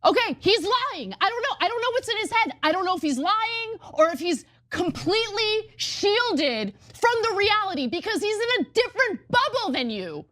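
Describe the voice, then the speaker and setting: A woman's voice: extremely high pitch, very animated, normal speed, hardly any pauses, fairly bright tone. A woman hosting a commentary show, talking in an exasperated, emphatic way. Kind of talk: heated commentary.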